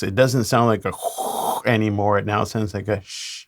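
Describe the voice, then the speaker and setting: A man, a mix engineer, talking through a mixing tutorial in a relaxed way with playful asides. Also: fairly low pitch, normal speed, creaky, faint music behind.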